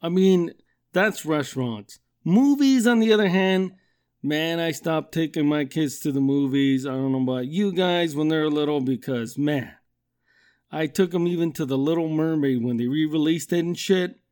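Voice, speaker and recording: A man's voice: fairly high pitch, normal speed, darkish tone. A middle-aged man hosting a podcast, telling rambling comic stories in a profane, ranting way. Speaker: podcast host. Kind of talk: comedic rant monologue.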